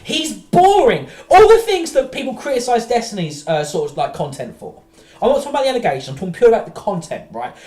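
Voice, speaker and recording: A woman's voice: fairly high pitch, huge pitch swings, rapid-fire, dark tone, reverberant. A woman streamer ranting profanely in exasperated reaction commentary.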